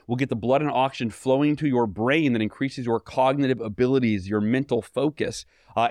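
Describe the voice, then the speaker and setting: Man, mid-pitched, animated storyteller, podcast guest, dry close mic. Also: no echo. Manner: animated storytelling, fillers and restarts. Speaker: guest author. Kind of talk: podcast interview.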